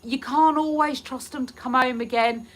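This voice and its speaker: A woman's voice: high voice, steady tone, moderate pace, fairly bright tone. A woman with a Hertfordshire accent, chatting casually and giggling as she reads out viewer comments on her live stream. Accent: Hertfordshire English. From Hertfordshire, England. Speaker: livestream host.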